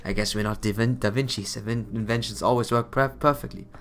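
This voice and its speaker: A man's voice: fairly low pitch, fairly even intonation, fast, a bit bright. A man streaming and chatting, his voice worn and tired after hours of talking, laughing often and stumbling over restarts. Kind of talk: casual live-stream chat between game lines.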